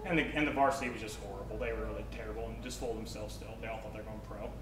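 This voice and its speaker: A young man preaching a sermon with a personal story, animated, acting out quotes and swinging from loud to soft. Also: very fast, crowd noise. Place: church. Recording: echoey church hall, mic at a distance, faint rumble.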